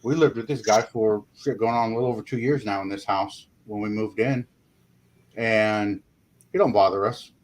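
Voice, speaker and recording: A man talking as a paranormal investigator guest in a casual interview, rambling and folksy, filling pauses with "you know". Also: fairly low pitch, steady tone, a little hiss or hum.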